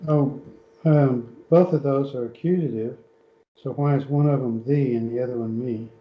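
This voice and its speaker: A man's voice: mid-range voice, normal speed. A man in a Bible class asking a puzzled question about grammar. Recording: echoey room, dull lo-fi.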